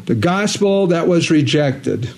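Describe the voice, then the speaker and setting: A man delivering a sermon in a somewhat high voice. He reads scripture aloud and repeats phrases for emphasis. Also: lively intonation, takes it slowly, vocal fry, darkish tone. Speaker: preacher.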